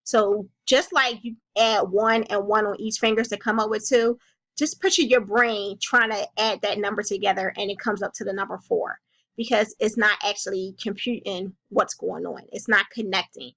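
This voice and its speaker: A woman playing a calm, caring counselor who gently comforts and reassures a young child in a role-played session. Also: medium pitch, moderate pace. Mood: explaining patiently.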